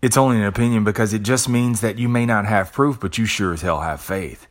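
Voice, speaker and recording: A man's voice: fairly low pitch, brisk. A man hosting a podcast, giving a profane, preachy motivational monologue. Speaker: podcast host.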